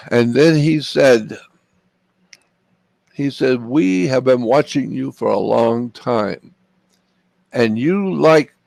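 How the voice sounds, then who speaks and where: A man's voice: medium pitch, gravelly, a little mellow, dry recording. An older man from Florida telling a personal story in an interview, repeating phrases for emphasis. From Florida, USA. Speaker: interview guest.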